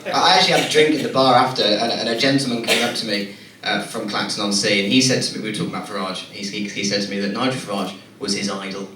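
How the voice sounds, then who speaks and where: A young man from Birmingham, without the accent, doing a deadpan, self-mocking stand-up set with stammered restarts, heard from the audience. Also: lowish voice, fast, slight background noise. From Birmingham, England. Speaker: stand-up comedian. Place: comedy club stage. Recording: roomy club sound from far off, loud crowd.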